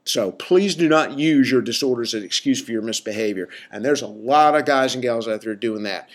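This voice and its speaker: A man's voice: mid-range voice, fairly quick. A man who works in mental health, giving a casual, emphatic talk to his listeners, full of "right?" asides and mocking quoted voices. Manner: conversational, many fillers and "right?" asides. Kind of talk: casual lecture to an audience.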